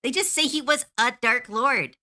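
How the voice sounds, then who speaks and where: A woman's voice: high voice, normal speed, sharp tone, no room sound. A woman streamer chatting casually while she draws, ranting heatedly and swearing freely. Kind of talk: casual livestream chat while drawing. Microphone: close to a desk mic.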